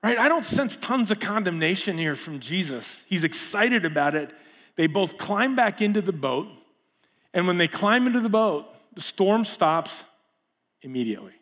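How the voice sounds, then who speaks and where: A man preaching a sermon in a casual, animated way, full of rhetorical questions and asides. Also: high voice, normal speed.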